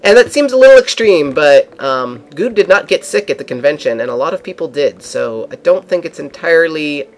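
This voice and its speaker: A man's voice: a little high, animated, fairly quick, few pauses. Rambling young man telling a travel story. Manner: rambling, with many fillers and restarts. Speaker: vlogger. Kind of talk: casual storytelling.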